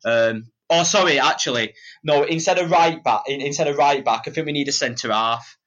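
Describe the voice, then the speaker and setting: A man's voice: on the high side, normal speed, fairly bright tone. A man, a podcast guest, talking football casually, hesitating and often asking if he makes sense. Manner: hesitant, many fillers and restarts, checks in with listeners.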